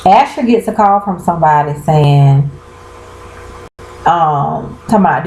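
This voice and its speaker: A woman's voice: low-pitched, expressive, a little slow, darkish tone, reverberant, slight background noise, poor audio. A woman chatting casually to her viewers, calling them y'all and exclaiming as she recaps a TV episode. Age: 30s. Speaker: vlogger. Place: bedroom at home.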